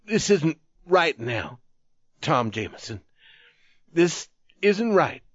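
A man's voice: medium pitch, lively intonation, slightly rough, no room sound, lo-fi sound. A man doing a rambling wounded soldier. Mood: pleading. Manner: pleading, halting, repeats himself.

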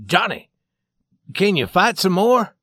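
A man voicing an old innkeeper, a tender but grave father, speaking earnestly and at times flatly calm. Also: a little high, a little slow, dry recording, clean studio sound, pitched above the performer's own voice.

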